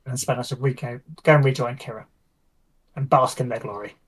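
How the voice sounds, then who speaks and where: A woman's voice: very deep voice, fairly even intonation, fairly quick, husky, distant mic, low-quality recording. A woman player describing her character's actions in a tabletop game.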